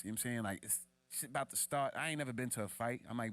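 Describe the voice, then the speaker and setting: A young man co-hosting a podcast, telling a casual story full of profanity and street slang. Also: fast talker. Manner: animated, acts out quoted voices in a much higher pitch. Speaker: podcast co-host.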